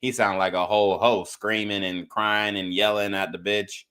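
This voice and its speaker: A man's voice: lowish voice, steady tone, normal speed, bright, forceful tone, clear, resonant tone. A man hosting a podcast, reacting to clips with blunt, slangy commentary and lecturing his listeners. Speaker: podcast host.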